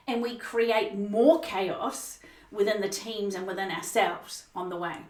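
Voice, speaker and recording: A fairly high-pitched woman coaching on leadership with emphatic, expressive delivery. She rushes some phrases and stretches others for effect. Her voice carries the echo of a roomy space, picked up from a little way off the mic. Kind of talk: motivational teaching talk. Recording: roomy sound, mic at a distance.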